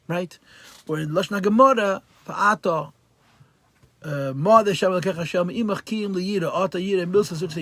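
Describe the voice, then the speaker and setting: A man's voice: high-pitched, brisk, a bit bright, no room sound. A man teaching a Torah class as a rabbi, translating verse by verse and stressing key words. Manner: translates verse by verse, mixing Hebrew and Yiddish terms into English.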